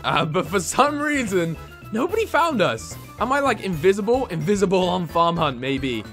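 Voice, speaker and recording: A man from England giving excitable let's-play commentary, shouting and squealing whenever he is in danger. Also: sits high, moderate pace, soft background music. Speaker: gaming YouTuber.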